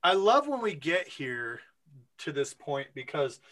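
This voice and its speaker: A man co-hosting a casual podcast about a book series, talking with lively enthusiasm. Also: unhurried. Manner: lively, enthusiastic, swings in pitch. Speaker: podcast co-host.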